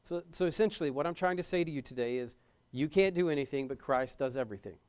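A man's voice: on the high side, fast talker, a little mellow, smooth. A young man preaching a sermon as a pastor, emphatic, repeating key phrases and questioning his listeners.

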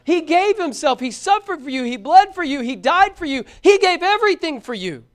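A middle-aged man gives an impassioned sermon to his young listeners, calling out his exhortations in a very high voice. His delivery is sing-song at a moderate pace.

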